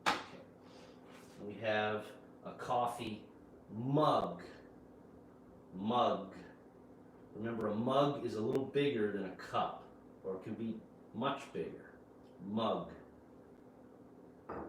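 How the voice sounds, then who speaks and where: Guy drilling english words real slow, repeats everything, echoey room, bit of hiss. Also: lowish voice, recorded from a distance. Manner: slow, deliberate, repeats each word. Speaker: English pronunciation teacher. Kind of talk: slow vocabulary drill lesson.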